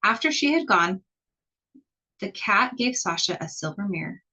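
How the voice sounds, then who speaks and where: A woman reading a children's picture book aloud in an expressive, slow storytelling manner. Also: mid-range voice, husky, rough recording. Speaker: storybook reader.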